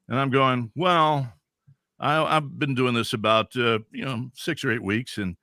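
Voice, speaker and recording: A man in his sixties from Central California tells radio stories with lively, chuckling energy. His voice is bright and forward, at a middling pitch. It is recorded close and dry, with no room sound. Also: unhurried, no room sound. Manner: animated, chuckling anecdotes. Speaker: veteran radio DJ, podcast guest. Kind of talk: casual storytelling.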